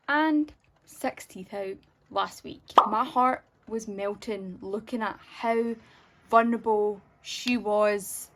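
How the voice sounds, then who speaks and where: A young woman chatting casually in a vlog, rambling along with frequent restarts. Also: a little high. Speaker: vlogger.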